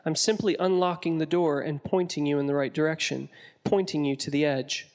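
A stern, mysterious woman who keeps a hidden gate, as a male narrator puts her on, speaking with a foreign accent. She sounds grave and commanding, and regretful underneath. It is told as a storybook reading in a fairly high voice. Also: little pitch movement, a little fast, darkish tone, close to an everyday voice. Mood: urgent.

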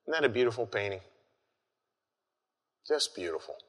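A man's voice: lowish voice, big pitch swings, normal speed, a bit bright. A man preaching a conversational sermon, earnest and full of restarts, calling his listeners folks. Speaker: pastor. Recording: long hall reverb.

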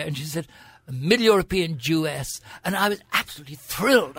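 A man's voice: a little high, animated, fast talker, creaky, a bit bright, breathy edge, no room sound. An older Irish man, a senator, telling stories as a guest in an interview, with a grand, theatrical, witty manner. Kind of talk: anecdotal storytelling.

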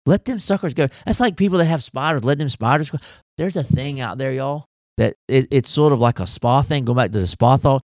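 A man, a pastor talking faith in a casual discussion, folksy and animated, firing off rhetorical questions. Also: medium pitch, brisk, no room sound, clean studio sound.

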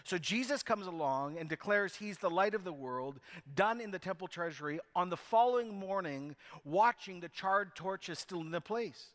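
Emphatic preacher in a reverberant hall. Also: male voice, high voice, animated, normal speed, hardly any pauses, fairly bright tone. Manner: emphatic, storytelling preacher with restarts. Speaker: pastor. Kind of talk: sermon.

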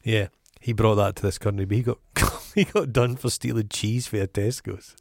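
A Scottish man with a fairly low voice banters on a podcast. He drops dry, deadpan jokes and quick asides. The recording is close and dry, with no room sound. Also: gravelly, dry recording. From Scotland. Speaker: podcast co-host. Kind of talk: casual chat.

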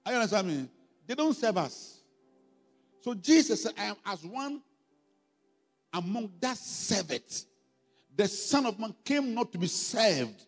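A man's voice: sits high, sing-song, a little slow, pauses often, slightly rough. A man with a Ghanaian accent preaching a sermon in a church hall, emphatic and full of call-and-response questions to the congregation. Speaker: pastor. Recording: long hall reverb, faint music behind.

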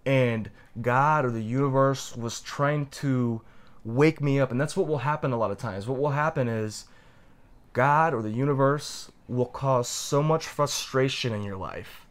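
A young adult man sharing a personal story as a podcast co-host, reflective and heartfelt, slowing down to stress key points. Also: mid-range voice.

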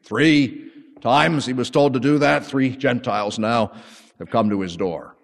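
A man teaching a sermon with an animated, conversational storytelling manner. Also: mid-range voice, unhurried, vocal fry. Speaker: Bible teacher. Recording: long hall reverb.

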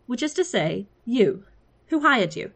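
A woman reading aloud, voicing a sharp-tongued young woman on the run with a snappish, sarcastic manner. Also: a little high, big pitch swings, unhurried, voice pushed up, exaggerated voice. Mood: sardonic. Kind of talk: read-aloud story.

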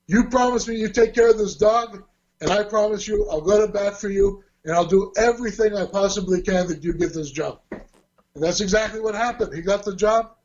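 A man with a high voice telling a personal story casually, slipping into quoted dialogue with real animation. The recording sounds dull and lo-fi. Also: normal speed, darkish tone. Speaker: guest telling a life story. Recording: dull lo-fi audio.

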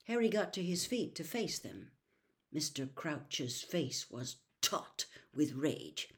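A woman's voice: deep voice, big pitch swings, slow. A woman reading a novel aloud expressively as a storyteller.

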